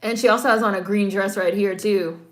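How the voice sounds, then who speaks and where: A woman's voice: medium pitch, steady tone, a little fast. Female host, casual film reaction commentary, frank and profane, mid-range voice. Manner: blunt, profane, talks back at the screen. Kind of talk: casual watch-along commentary.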